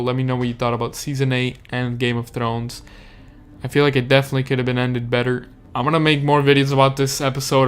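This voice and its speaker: A young man vents into his camera in a casual review, deflated and frustrated, tripping over restarts and swearing as he goes. His voice is smooth and clear, with a fairly flat, even pitch at a middle height. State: upset and deflated. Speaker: YouTube TV reviewer.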